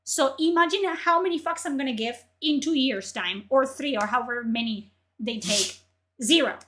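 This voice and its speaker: A woman streamer ranting in profane, exasperated commentary, her voice strained from yelling. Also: high-pitched, moderate pace.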